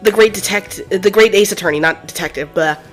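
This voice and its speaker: A woman streaming a game, chatting casually in animated, profane banter and laughing often. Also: medium pitch, a little fast, faint music behind. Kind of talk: casual let's-play chat.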